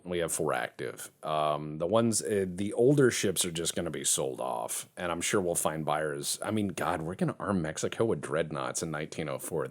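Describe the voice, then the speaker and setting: A man hosting a casual video game commentary, cracking jokes and laughing often. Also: deep voice. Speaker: game streamer.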